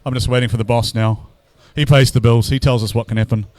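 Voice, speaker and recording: A man's voice: medium pitch, fairly even intonation, fast, a little mellow, no room sound. A man commentating live at an outdoor drift event, bantering and teasing the crowd between battles.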